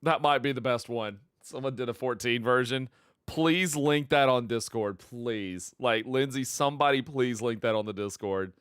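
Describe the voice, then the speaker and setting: An excitable man chatting on a live stream, laughing often and repeating himself. His voice is bright and smooth, sitting at an ordinary pitch. The sound is close and dry, with faint music under him. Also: normal speed, no echo. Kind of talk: casual livestream chat.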